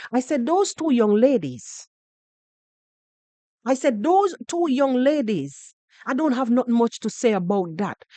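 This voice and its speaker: A woman's voice: on the high side, no echo. A woman with a Jamaican accent hosting a podcast, giving heated reaction commentary with a mocking edge, slipping into patois and repeating herself as she argues. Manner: animated, mocking, switching into patois, repeating words. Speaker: podcast host reacting to other creators.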